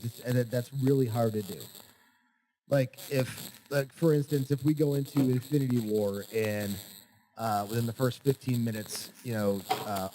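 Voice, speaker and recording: A man co-hosting a podcast in casual chat, animated and full of fillers as he puts questions to his partner. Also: medium pitch, slight background noise, poor audio. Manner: animated, quizzing his co-host, many fillers. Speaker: podcast co-host. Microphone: home podcast mic.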